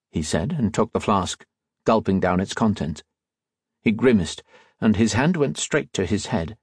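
A man narrating an audiobook in a steady, measured storytelling voice. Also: lowish voice, husky, no echo, clean studio sound.

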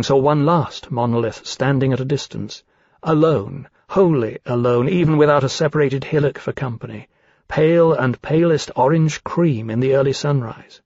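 A man narrates a novel in a measured, steady voice of middle pitch. The recording is close and dry, with a slightly dull, muffled top end. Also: no room sound. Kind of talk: audiobook narration. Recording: dull dry studio sound.

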